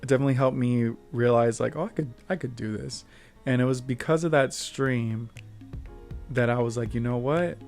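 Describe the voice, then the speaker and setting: A young man chats casually on his own vlog, telling stories with lots of laughter and bursts of louder acted-out dialogue. His voice sits at an ordinary middle pitch. Soft music plays faintly behind him. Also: normal speed, gravelly. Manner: animated, laughs often, acts out quotes in raised voice. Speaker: vlog host. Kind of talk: casual storytelling monologue.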